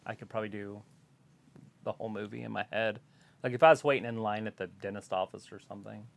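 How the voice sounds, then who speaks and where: A man's voice: on the low side, steady tone, fast talker, vocal fry. A man co-hosting a wrestling watch-along, giving laid-back, dry, wisecracking commentary. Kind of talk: casual wrestling commentary and chat.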